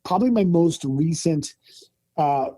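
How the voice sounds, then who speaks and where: Middle-aged male storyteller, mellow tone, slightly raised pitch, animated casual retelling. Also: measured pace. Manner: animated, excited retelling with acted quotes. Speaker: storyteller recounting a camping encounter.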